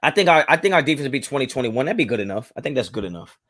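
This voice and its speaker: A man's voice: mid-range voice, big pitch swings, racing, a bit bright. A man hosting a live sports fan stream, talking casually and emphatically to his chat and repeating his points. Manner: talks to his chat directly. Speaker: sports fan livestream host.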